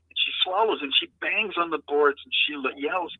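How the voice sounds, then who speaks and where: Middle-aged man, guest founder, earnest and halting, tinny dry call-in line. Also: on the high side, lively intonation, husky, no echo. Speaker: guest, founder of an adaptive lacrosse program. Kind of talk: interview storytelling. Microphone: remote call-in.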